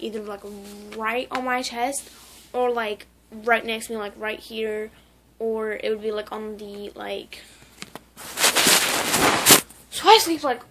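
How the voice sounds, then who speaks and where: High-voiced rambling young woman vlogger. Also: slight background noise. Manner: rambling, full of "like" and restarts. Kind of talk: casual memorial vlog.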